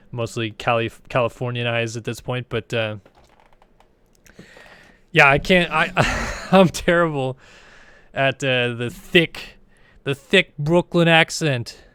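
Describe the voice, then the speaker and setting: A man's voice: mid-range voice, a bit bright, clear, resonant tone. A man casually commentating a racing game stream in a rambling, laid-back, chatty way.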